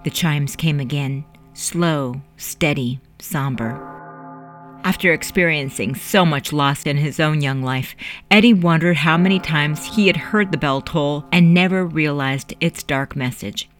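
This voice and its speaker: An audiobook narrator reading scripted narration in a measured storytelling manner. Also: medium pitch, a bit bright, soft background music.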